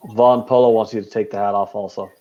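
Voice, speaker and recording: A man's voice: lowish voice, fairly even intonation, fast talker, muffled recording. A man hosting a live sports betting stream, trading jokes and teasing his co-hosts. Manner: joking, self-deprecating banter. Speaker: host.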